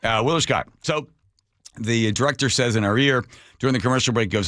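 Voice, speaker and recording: A man's voice: mid-range voice, fairly quick, no room sound. A man hosting a talk radio show, telling a story in a casual chat and acting out the quotes. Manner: animated storyteller, acts out quotes. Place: radio studio. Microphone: studio microphone.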